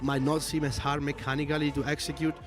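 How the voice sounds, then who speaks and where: An esports co-commentator from Italy with a strong Italian accent talks fast over music in a slightly high voice with little pitch movement. He gives casual livestream commentary, explaining things at length with lots of fillers.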